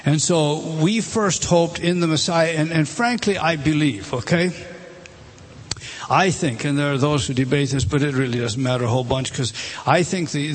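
A man's voice: fairly high pitch, slightly rough. A man teaching a Bible passage word by word, starting over often and pointing at a written page. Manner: halting, many restarts, points at a page and rises when stressing a word.

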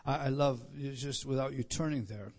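Preaching at a moderate pace, this middle-aged pastor uses a mid-range voice, leaning on repeated phrases and moving from booming proclamations to quiet asides.

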